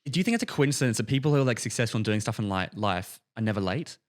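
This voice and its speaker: A man's voice: on the low side, lively intonation, very fast. A man co-hosting a podcast and coaching, telling stories eagerly in casual chat.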